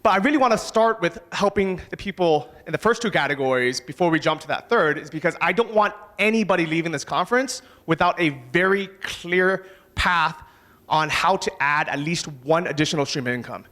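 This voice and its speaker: A man giving a motivational talk on a conference stage, casual and energetic, swearing now and then. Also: on the high side, a little fast. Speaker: conference speaker.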